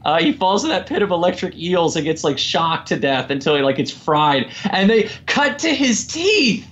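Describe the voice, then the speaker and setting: An animated man tears into a film on a casual podcast. His voice sits a bit high and swings widely, and he laughs often while he talks. The audio sounds dull and lo-fi. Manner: animated, laughs often, mimics people in a slow low drawl. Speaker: podcast guest. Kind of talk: casual chat, movie rant.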